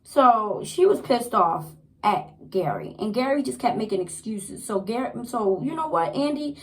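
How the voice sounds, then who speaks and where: A young woman casually recapping a TV episode, chatty and animated, repeating herself as she goes. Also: a little high, unhurried, poor audio. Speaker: TV show reviewer.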